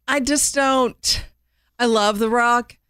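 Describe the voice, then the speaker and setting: A woman's voice: fairly high pitch, steady tone, fairly bright tone, clean tone, no echo, clean studio sound. Emphatic female radio co-host. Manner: emphatic, quick to object. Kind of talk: casual radio chat.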